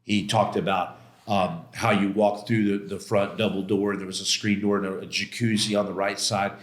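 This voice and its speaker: A man's voice: on the low side, little pitch movement, moderate pace. A middle-aged man telling a personal story as a podcast guest, with intense, emotional retelling, casual slang, and many quoted exchanges and restarts. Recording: roomy echo.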